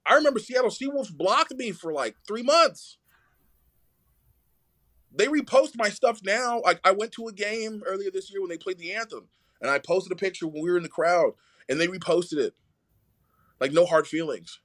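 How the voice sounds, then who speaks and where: A young adult man, a podcast guest, telling his own story casually and acting out what others said in lively voices. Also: sits high, normal speed.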